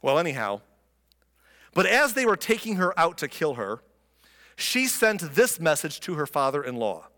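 A man preaching in a casual, wry tone that sounds like storytelling, with a somewhat high voice. His words carry a long reverb, as in a big sanctuary. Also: sing-song, normal speed, bright, forceful tone. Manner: conversational, wry, acts out the characters. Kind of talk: sermon retelling scripture. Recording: long reverb of a large room.

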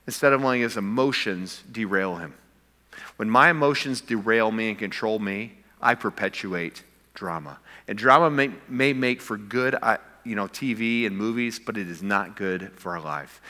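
A man preaching from the pulpit with a bright, forceful tone that carries a long reverb through a large hall. He climbs to emphatic peaks, then drops into quiet intensity. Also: on the low side. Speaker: pastor. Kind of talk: sermon.

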